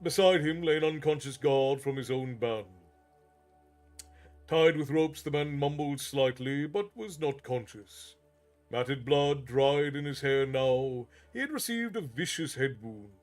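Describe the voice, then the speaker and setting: A man telling a fantasy story as a steady, measured storyteller. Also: mid-range voice. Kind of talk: reading a fantasy novel aloud. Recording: faint background music.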